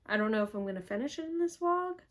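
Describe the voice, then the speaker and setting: A woman's voice: high-pitched, lively intonation, quick pace. A woman vlogging from her home office in a rambling, casual chat full of fillers, playful and self-mocking. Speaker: book vlogger.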